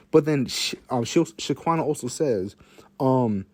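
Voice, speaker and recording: A man's voice: mid-range voice, animated, moderate pace, darkish tone. Man with a casual, rambling storytelling monologue, repeating lines and swearing.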